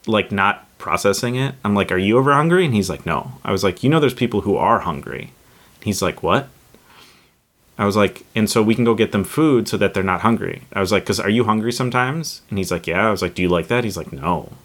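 A man in his thirties co-hosts a casual podcast chat. His voice sits somewhat low. He tells stories in a relaxed way, with plenty of fillers. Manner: relaxed, storytelling with many fillers. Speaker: podcast co-host. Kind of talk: casual conversation.

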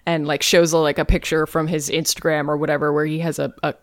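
Woman co-host, deep voice, dry close sound, chatty rambling recap with fillers. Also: level tone, fast, dry recording. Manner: rambling recap, many fillers, acts out quotes. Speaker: podcast co-host. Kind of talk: casual chat.

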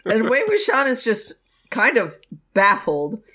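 A woman's voice: a little high, wildly swooping pitch, a little slow, pushed and bright. A woman co-hosting a podcast, retelling a story in playful, giggly casual chat. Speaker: podcast co-host.

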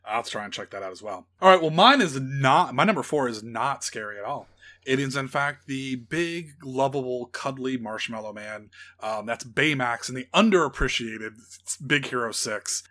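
A man's voice: mid-range voice, expressive, moderate pace, pushed and bright. A man co-hosting a podcast, chatting casually and enthusiastically about films, teasing his co-host and laughing easily. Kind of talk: casual film chat.

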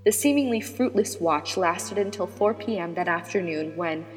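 A woman narrating a serialized story in a measured, dramatic manner. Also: lowish voice. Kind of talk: scripted audiobook narration. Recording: long reverb with background music.

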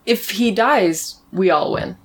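A woman co-hosting a casual comedy podcast, dropping in dry quick interjections. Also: medium pitch, slightly rough. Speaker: podcast co-host.

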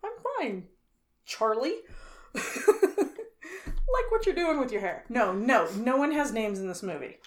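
A woman's voice: a little high, very animated, normal speed, pauses often. A woman co-hosting a casual chat, retelling a movie plot with exasperated laughter and free swearing. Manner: exasperated, laughing storyteller who swears freely. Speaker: podcast co-host.

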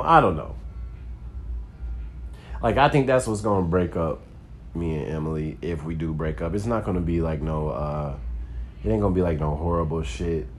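Deep-voiced man rambling casually. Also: a little mellow, slight background noise. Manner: loose, rambling and profane, heavy on "like". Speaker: stand-up comedian. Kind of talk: casual storytelling.

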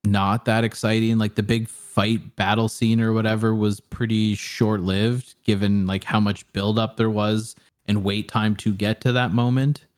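A man's voice: fairly low pitch, little pitch movement, a little slow, few pauses. A young man in casual chat, reviewing a film in a rambling way with lots of fillers and swearing. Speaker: podcast co-host reviewing a film.

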